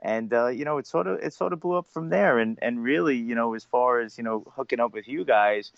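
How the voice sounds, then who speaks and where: A man with a Long Island accent co-hosting a casual sports podcast, relaxed and full of "you know" fillers. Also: medium pitch, a little fast, creaky, no echo. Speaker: podcast co-host and blogger. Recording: dull, dry lo-fi mic.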